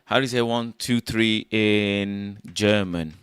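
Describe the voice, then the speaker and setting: A young man hosting a casual livestream, thinking out loud in an animated way and breaking into loud shouts. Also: fairly low pitch, slow pace, clear, resonant tone, no echo. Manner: animated, musing aloud, loud shouted bursts. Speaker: livestream host.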